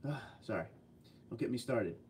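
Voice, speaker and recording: A man's voice: mid-range voice, expressive, darkish tone, far from the mic. Chatty guy, set back from the mic. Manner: chatty, rambling storyteller with quick asides. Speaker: livestream host reading viewer chat. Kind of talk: casual livestream chat.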